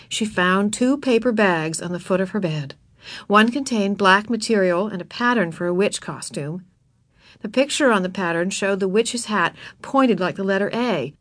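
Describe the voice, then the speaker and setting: A woman's voice: mid-range voice, dry recording. A woman reading a children's chapter book aloud, narrating expressively and voicing the characters.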